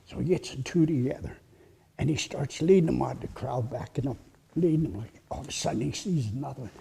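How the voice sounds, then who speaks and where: Brief: male oral storyteller, gravelly voice, suspenseful whispered asides. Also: mid-range voice, mellow. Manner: dramatic pauses, drops to whispers for suspense. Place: heritage center presentation.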